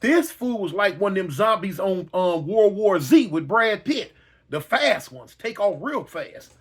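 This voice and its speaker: A man telling a personal story dramatically, acting out yells and reactions. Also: sits high, expressive, unhurried, husky. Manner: dramatic, acts out yells and voices, slangy.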